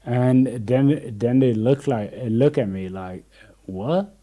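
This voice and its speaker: A young man chatting casually as a podcast host, with a mellow, dark-toned voice. He rambles through stories, restarts his sentences often and acts out what people said to him. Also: mid-range voice, slow. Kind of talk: casual chat.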